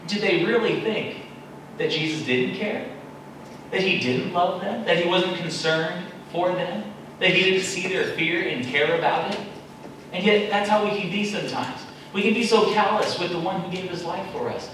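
Man, pastor, sermon, high voice, echoey church hall, far from the mic. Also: lively intonation, normal speed, fairly bright tone, slight background noise. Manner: acts out prayers in a raised, pleading voice. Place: church sanctuary.

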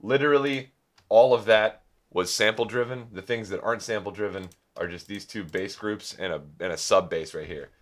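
Rambling, low-voiced young man hosting a tutorial. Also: normal speed. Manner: rambling, self-joking, many filler ums. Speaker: music producer and video host. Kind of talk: casual music production tutorial.

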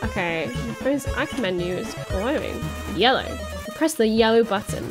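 A young woman playing a video game for her channel, chatting and reacting with quick giggles. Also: on the high side, animated, music in the background. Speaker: let's-play host. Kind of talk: game commentary.

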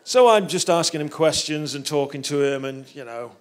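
A man preaching as a guest speaker, with a slightly high voice. He tells a humorous story in an animated way. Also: normal speed, slight background noise. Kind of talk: storytelling sermon.

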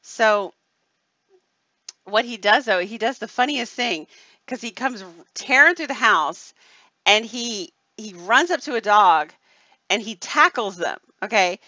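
A woman's voice: on the high side, lively intonation, measured pace, sharp tone, no echo. A woman hosting a live stream in casual chat, rambling and reading viewer comments, often checking in with "okay?". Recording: dull lo-fi dry sound.

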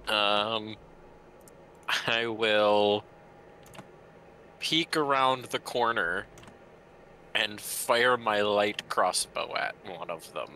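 Slow, bright-voiced man playing. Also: on the low side, slight background noise. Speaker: player. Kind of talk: casual tabletop game play.

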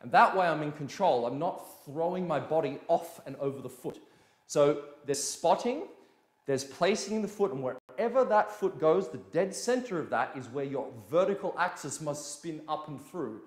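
Energetic male dance teacher, echoey room. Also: on the high side. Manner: energetic, demonstrates beats with sound words. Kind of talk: live-streamed dance lesson, casual explaining.

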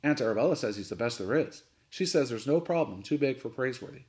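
A man's voice: medium pitch, animated, fast, a little mellow, lightly acted. A man doing an earnest brave young boy. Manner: earnest, eager.

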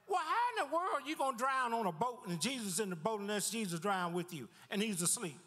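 High-voiced preaching man in a reverberant church. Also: fast, few pauses. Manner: lively preaching with repeated words and sudden drops in pitch. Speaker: pastor. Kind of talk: sermon. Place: church sanctuary.

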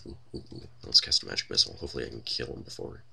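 A man's voice: extremely low pitch, racing, creaky, noisy background. A man giving wry, casual commentary while playing a computer role-playing game, thinking aloud with many fillers. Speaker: let's play host.

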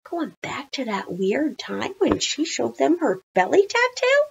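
A woman teacher reading a children's storybook aloud, with chatty, animated asides. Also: high-pitched, unhurried, creaky, highs cut off, slight background noise.

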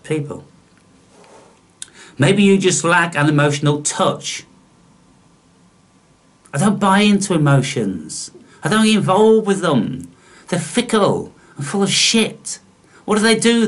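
A man preaching a belligerent, profane monologue to his viewers, scornful and full of rhetorical questions. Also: on the high side. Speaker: spiritual channel host.

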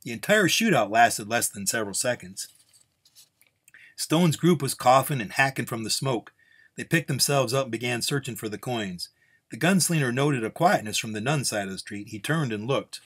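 A man reading a Western story aloud in an unhurried, relaxed way. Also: medium pitch, husky. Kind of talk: storytelling narration.

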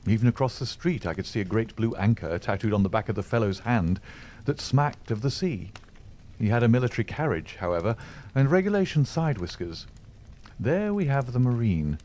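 A man reading aloud and voicing a brusque, lazy male detective who talks in a calm, dry, offhand way. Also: lowish voice, a little hiss or hum.

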